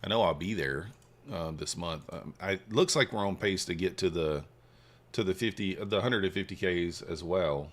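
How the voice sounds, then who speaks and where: A man hosting a trading livestream, casually reading and answering viewer chat while he trades, swinging between hyped shout-outs and quiet muttering. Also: low-pitched, moderate pace. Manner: hypes viewers, reads chat aloud, shifts from excited shouts to mumbling. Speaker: livestream host, futures trader.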